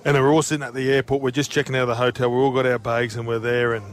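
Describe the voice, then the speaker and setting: An Australian man, a former player and radio co-host, telling animated stories in casual chat. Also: mid-range voice, very fast. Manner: animated, tumbling anecdotes, often breaking into laughter.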